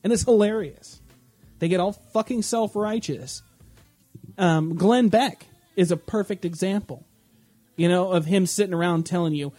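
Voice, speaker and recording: A man's voice: high-pitched, moderate pace, dark tone, dry recording, faint music behind. A man hosting a casual podcast, ranting and mocking with constant swearing and rambling asides. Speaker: podcast host. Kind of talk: casual profane rant.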